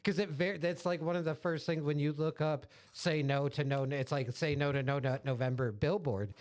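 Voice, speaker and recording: A man's voice: on the high side, fairly even intonation, normal speed, a little mellow. A man co-hosting a podcast, telling a story in a rambling, laughing way during casual chat. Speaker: podcast co-host.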